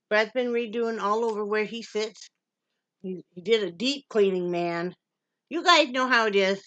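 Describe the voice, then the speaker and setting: A woman's voice: mid-range voice, a bit bright, dry recording, highs cut off. A middle-aged woman from Wyoming chatting casually in a home vlog, laughing often and cooing to her dog. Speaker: vlogger.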